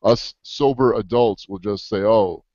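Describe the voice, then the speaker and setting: A man's voice: fairly low pitch, moderate pace, no room sound. A man in a casual conversation, telling stories eagerly. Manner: eager storyteller, animated. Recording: dull lo-fi audio, dry.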